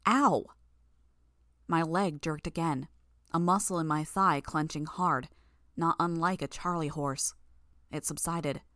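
A woman narrating fiction in the first person, in a measured, tense way. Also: sits low, fairly even intonation, fairly bright tone, no room sound, studio quality. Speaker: audiobook narrator.

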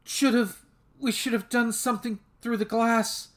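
Man voicing a frightened tendril girl, high and pleading. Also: slow pace, fairly bright tone. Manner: pleading, apologetic. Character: frightened apologetic young woman with tendril body.

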